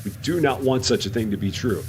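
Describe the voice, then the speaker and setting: A man casually commenting to his chat while playing a video game, musing aloud and rising in pitch when surprised. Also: brisk, background noise. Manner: chatty, talks to himself and chat, animated rises in pitch. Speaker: streamer.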